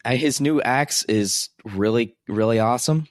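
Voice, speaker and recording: A young man co-hosting a podcast, chatting about a movie in a hesitant, halting way. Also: medium pitch, no room sound, studio quality. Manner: hesitant, halting, frequent fillers. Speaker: podcast co-host. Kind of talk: casual movie review chat.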